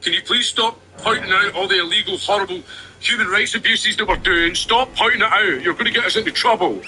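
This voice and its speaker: Man doing a whiny pleading official, high squeaky put-on voice, very bright tone. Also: a little fast, slight background noise, poor audio. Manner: mocking, pleading.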